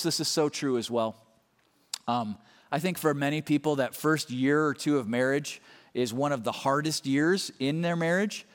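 A man preaching a sermon in a conversational way, often restarting his sentences and rising in emphasis. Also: on the high side. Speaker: pastor. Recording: long hall reverb.

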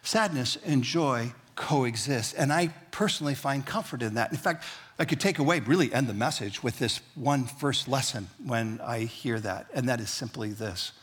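A man's voice: mid-range voice, moderate pace, slightly rough. A male pastor giving a sermon in a conversational, folksy way, with humorous asides, and leading his congregation to repeat lines back to him. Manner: leads the congregation in call-and-response.

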